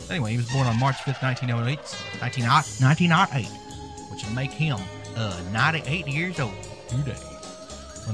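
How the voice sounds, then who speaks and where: Guy doing a snarky rambling comedy bit, voice swings way up and down, music going behind him. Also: medium pitch. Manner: sarcastic, rambling, irreverent. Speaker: podcast host. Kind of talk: comic monologue.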